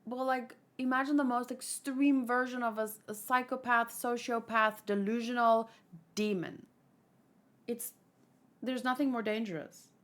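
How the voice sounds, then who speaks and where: A woman with a fairly high voice reads a comic aloud and breaks off to comment with feeling. She talks slowly and rambles, going back to find her words. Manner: emotional, expressive, rambling. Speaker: manga read-along host.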